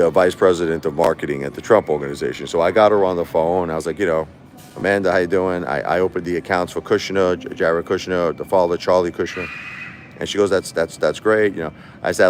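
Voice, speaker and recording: A man hosting a casual livestream, telling a long story in a rambling, repetitive way. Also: low voice. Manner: rambling, repetitive, animated when quoting others. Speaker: livestream host.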